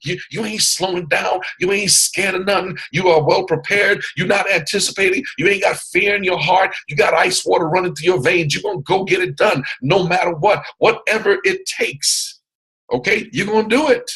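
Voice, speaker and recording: A man's voice: high voice, moderate pace, sharp tone, husky, rough recording. A man leading a motivational training session on a video call, boisterous and strong in his delivery, repeating phrases like a preacher. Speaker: mentor hosting a training call.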